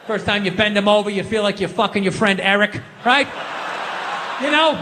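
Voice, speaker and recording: A middle-aged man rants through a stand-up set, his high voice climbing into shouts. His tone is bright and forceful, and a long hall reverb trails behind the handheld stage mic, with faint ambience under it. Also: normal speed, a little hiss or hum. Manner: loud ranting delivery with frequent shouting. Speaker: stand-up comedian. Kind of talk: stand-up comedy rant. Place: theater stage before a live audience.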